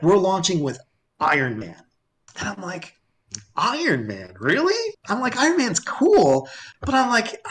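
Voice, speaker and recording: A man telling a story as a guest on a live-streamed talk show. He acts out both sides of remembered conversations and laughs often as he goes. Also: a little high. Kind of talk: animated storytelling in casual talk.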